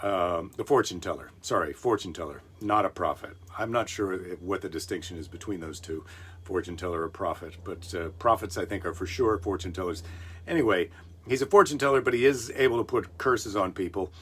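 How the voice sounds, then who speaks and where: A man's voice: deep voice, a little fast, slightly rough. A man reading a Bible story aloud and breaking off into wry, joking asides as a comedy podcast host. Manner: wry, joking asides between read passages.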